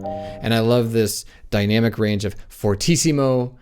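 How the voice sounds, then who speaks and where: A man teaches piano in a relaxed, chatty way, sometimes counting the beats aloud. His voice sits at an ordinary middle pitch. A piano plays loudly underneath much of his talking. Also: moderate pace. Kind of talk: casual piano lesson. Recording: piano playing loudly behind the voice.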